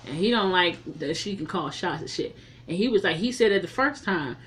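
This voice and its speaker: A woman reviewing a film in a casual, profane recap, telling the story in an animated way with heavy slang. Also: lowish voice, brisk.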